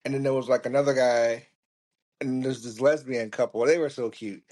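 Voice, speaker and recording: A man's voice: mid-range voice, moderate pace. A man hosting a podcast, telling a story casually and swearing often, with frequent laughs. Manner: profane, laughing, lively. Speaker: podcast host.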